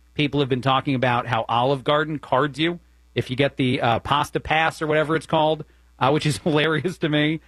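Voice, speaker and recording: A man's voice: mid-range voice, a bit bright, no echo. Man, New Jersey accent, talk radio host, opinionated, chatty, dry close sound. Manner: opinionated, conversational, many fillers.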